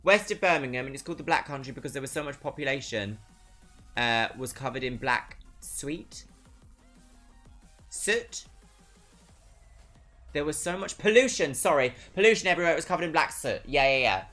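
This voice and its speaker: Southern English accent, streamer chatting with viewers, bright crisp tone, expressive swings, faint music underneath. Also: mid-range voice, moderate pace, pauses often. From Brighton, England. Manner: chatty and expressive, swinging between perky greetings and dry asides. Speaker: livestreamer. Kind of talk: casual chat reading viewer messages.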